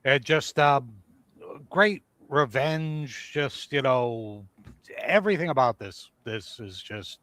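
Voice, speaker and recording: Slow easygoing male co-host. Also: mid-range voice, animated, a bit bright, no echo. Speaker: podcast co-host. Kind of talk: casual live podcast chat. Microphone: video call.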